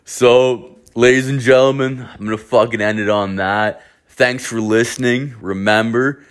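A man's voice: medium pitch, measured pace, smooth. A young man casually telling a profane work story, acting out the people he quotes. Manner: animated, swears constantly, acts out quoted voices.

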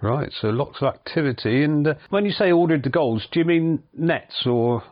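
A man hosting a local radio show, asking questions in a relaxed way and prompting with short "right"s. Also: a little high, moderate pace, no echo, highs cut off. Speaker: radio host. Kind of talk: casual radio interview.

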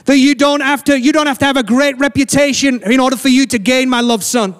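A man preaching a sermon as pastor, earnest and slowing down to stress key lines. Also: very high-pitched, fairly even intonation, clean tone. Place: church sanctuary. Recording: long church hall reverb.

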